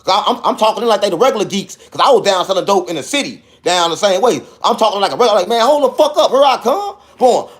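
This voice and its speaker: A man's voice: racing, hardly any pauses. A man telling a wild personal story in casual speech, acting out the dialogue and punctuating it with sound effects. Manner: animated, acts out dialogue with sound effects like "boom".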